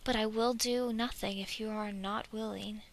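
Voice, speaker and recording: A woman voicing a gentle, burly old dwarf warrior. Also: moderate pace, lightly acted. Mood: tender. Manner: calm, low and tender. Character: big gentle older male dwarf warrior.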